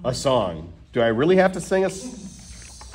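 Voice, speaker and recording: A man reading a children's book aloud, animated and playful, with mock protests and gleeful nonsense sounds. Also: mid-range voice, brisk, faint music behind. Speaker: storytime reader.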